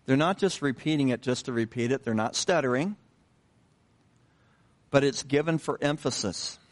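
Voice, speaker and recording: Unhurried man preaching a casual sermon. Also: mid-range voice. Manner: unhurried, repeats himself with many fillers and restarts; conversational, asks the congregation questions. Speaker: pastor.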